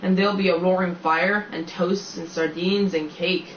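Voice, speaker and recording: A man's voice: high-pitched, steady tone, normal speed, a bit bright, a little hiss or hum. A man reading as a courteous faun. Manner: formal, fussy old-fashioned politeness. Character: courteous, shy male faun, a bit melancholy. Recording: roomy, slightly dull home recording.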